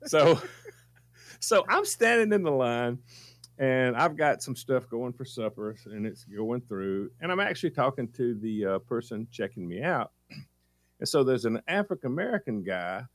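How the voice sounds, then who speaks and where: A male morning radio host telling a funny story in an animated way. His pitch swings widely and he laughs often. The studio sound is dry and close. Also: normal speed, dry recording. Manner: animated storyteller, laughs often, voice jumps high when excited.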